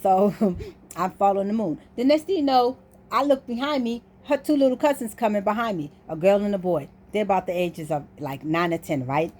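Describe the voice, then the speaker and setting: A woman vlogger chats straight to her viewers, recounting a story in a loose, easy way. She jumps into lively little voices for each person she quotes. Her voice sits at a middling pitch for a woman. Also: normal speed. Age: adult. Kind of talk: casual storytelling.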